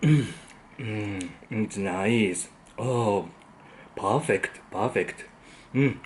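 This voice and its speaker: Slow, savoring man. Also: lowish voice, slight background noise. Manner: savoring, frequent appreciative hums. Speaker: food vlogger. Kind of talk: casual tasting commentary.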